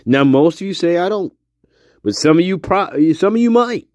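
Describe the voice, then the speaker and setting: A man's voice: a little high, expressive, brisk, a little mellow, no echo. A man hosting a casual livestream, talking to his viewers in a profane, emphatic pep talk. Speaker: livestream host.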